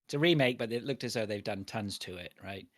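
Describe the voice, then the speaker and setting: A man's voice: on the low side, fast. A man co-hosting a podcast in loose casual chat, swearing and laughing often. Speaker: podcast co-host.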